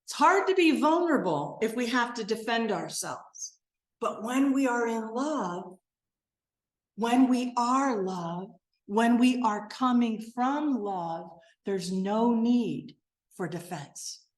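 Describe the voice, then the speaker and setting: An older woman minister giving a sermon, gentle and earnest, sinking to a soft, quiet voice as she leads a guided meditation. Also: expressive, slow. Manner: gentle, earnest and softly spoken, dropping low and quiet.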